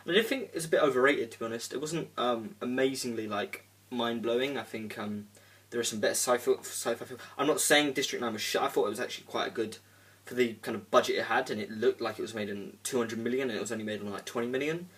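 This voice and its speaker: The voice sits at an ordinary middle pitch, and the mic is set a little back from him. A young man talks through a film review in a loose, rambling way, filling gaps with "um" and "like" and swearing now and then. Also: fast talker, a bit bright. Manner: rambling, full of "um" and "like", casual swearing. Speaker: movie reviewer. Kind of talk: casual spoken film review. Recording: voice a bit distant from the mic.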